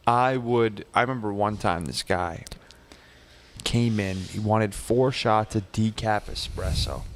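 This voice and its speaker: Brash, low-voiced young man telling stories. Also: takes it slowly, a little hiss or hum. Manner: brash, profane storytelling. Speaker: co-host. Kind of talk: casual comedic banter.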